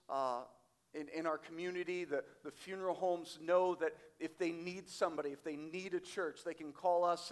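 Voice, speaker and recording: Man, pastor, sermon, high-pitched voice, emphatic, slow scripture readings. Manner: emphatic, varies loudness widely, slows on quoted scripture. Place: church sanctuary.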